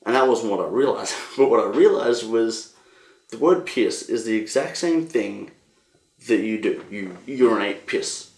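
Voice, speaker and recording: A young Australian man hosting a casual solo podcast, rambling and animated, swearing freely. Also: on the low side, a little slow, roomy sound. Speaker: podcast host.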